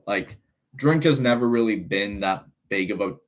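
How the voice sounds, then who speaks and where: An animated, lowish male voice at normal speed: a nineteen-year-old from Ireland with an American-sounding accent, casually chatting on a live stream. He's laid-back and rambling, reading chat aloud amid frequent laughs and fillers.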